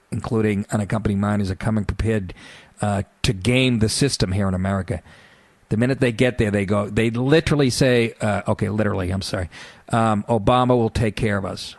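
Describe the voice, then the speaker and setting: A man's voice: lowish voice, normal speed, dry recording. A man hosting a talk radio show, delivering a sarcastic, profane rant.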